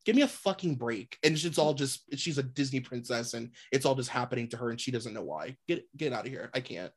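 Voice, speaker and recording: A woman's voice: a bass voice, quick pace, breathy edge. A young adult woman co-hosting a casual gossip podcast, blunt and emphatic, swearing freely as she vents about reality TV. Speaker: podcast co-host.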